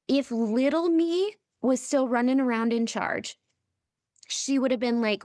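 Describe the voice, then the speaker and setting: Emphatic woman coach, fairly high voice. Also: measured pace, a little mellow, no room sound, studio quality. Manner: emphatic, often checks in with "right?". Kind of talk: podcast conversation.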